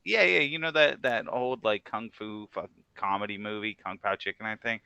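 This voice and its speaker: A man's voice: lowish voice, creaky, pushed and bright, clear, resonant tone, no room sound, muffled recording. A man co-hosting a podcast, teasing his partner and riffing in casual banter. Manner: teasing, quick to needle and riff. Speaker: podcast co-host. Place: Japan.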